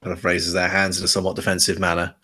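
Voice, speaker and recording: A man's voice: sits low, completely flat delivery, rapid-fire, bright, forceful tone. A man narrating a tabletop game as game master, casual and rambling. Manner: casual, rambling, many fillers.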